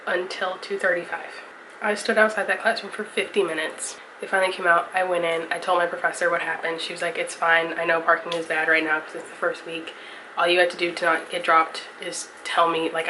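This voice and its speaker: Young woman, casual vlogger, low-set voice, recorded with noticeable ambient noise. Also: pushed and bright, rough recording. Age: young adult. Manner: chatty, swears casually, storytelling recap. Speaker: college student vlogger. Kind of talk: casual vlog. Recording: vlog with clear ambient noise.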